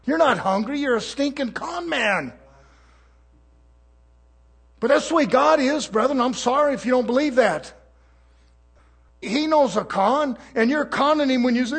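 A man preaching a sermon in a fervent, folksy manner, moving between hushed asides and shouted exhortation. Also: extremely high pitch, expressive, normal speed, vocal fry, pauses often, husky. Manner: folksy, plain-spoken.

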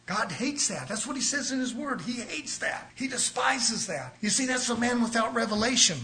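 A man's voice: very high-pitched, lively intonation, moderate pace, sharp tone. A man preaching an impassioned, emphatic sermon to his congregation. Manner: impassioned, emphatic, addresses brothers and sisters.

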